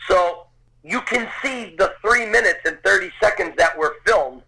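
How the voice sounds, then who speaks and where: A man in his fifties talks as a podcast guest in a bright, ringing voice that sits a little high for a man. He tells his story in a gushing, excitable way and often circles back over his own words. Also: a little slow, vocal fry, a little hiss or hum, poor audio. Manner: excitable, gushing, repeats himself. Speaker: podcast guest, Rocky film tour guide. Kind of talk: storytelling anecdote.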